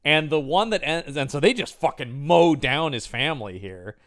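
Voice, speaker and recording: Man, podcast co-host, lively swooping pitch, acts out quotes, casual chat. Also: moderate pace. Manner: animated storyteller, acts out quotes in put-on voices. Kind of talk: casual chat about a film.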